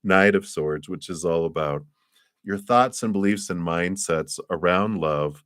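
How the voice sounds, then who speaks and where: A man's voice: low-pitched, measured pace, a bit bright, no echo, studio quality. A man giving a live tarot reading, speaking in an encouraging, rambling way, often chuckling and restarting his sentences. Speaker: tarot reader.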